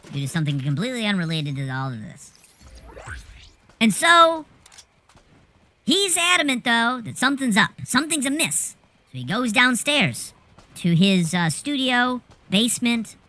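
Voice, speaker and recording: A woman telling a rambling anecdote in a casual, animated way, swearing freely as she goes. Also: on the high side, dry recording. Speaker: storyteller.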